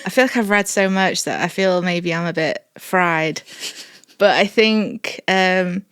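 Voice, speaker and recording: A woman's voice: on the low side, steady tone, a little slow, fairly bright tone, clear, resonant tone, no echo. Rambling woman comedian, dry close sound. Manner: chatty, rambling with many fillers. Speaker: comedian guest. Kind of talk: casual chat.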